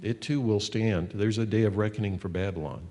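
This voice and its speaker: Low-voiced man preaching in a reverberant hall. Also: fairly quick, warm tone. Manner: earnest, conversational, reads scripture aloud. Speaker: pastor. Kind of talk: sermon teaching.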